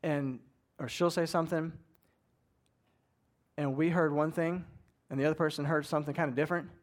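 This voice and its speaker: A middle-aged man preaching a sermon, his voice sitting a little higher than most men's. He talks in a loose, conversational way, often slipping into the voices of people talking to themselves. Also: normal speed. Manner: conversational, animated, acts out inner voices. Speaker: pastor.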